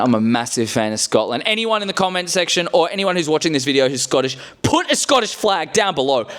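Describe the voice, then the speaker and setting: A man hosting a casual recap video, chatty and rambling, with blunt, cheeky asides and lots of restarts. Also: mid-range voice. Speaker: show recap host.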